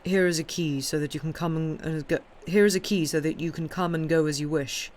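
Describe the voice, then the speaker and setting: A woman's voice: low-pitched, fairly even intonation, brisk, a little mellow, lightly acted. A woman voicing a curt grieving father. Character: grieving father, stern crown prosecutor.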